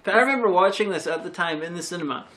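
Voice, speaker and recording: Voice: mid-range voice, rapid-fire, fairly bright tone. An adult co-reviewer in casual film chat who makes careful, hedging points with many restarts.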